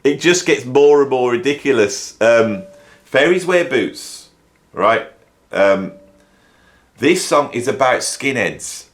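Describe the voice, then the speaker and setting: A man's voice: medium pitch, lively intonation, slow. A middle-aged man from the Midlands, hosting a casual music commentary in a wry, rambling, mock-exasperated way. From English Midlands. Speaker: YouTube host and music educator.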